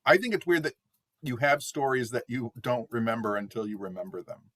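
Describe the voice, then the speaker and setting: A man's voice: mid-range voice, expressive, fairly quick, fairly bright tone. Laid-back man co-hosting a podcast. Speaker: podcast co-host. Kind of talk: casual chat.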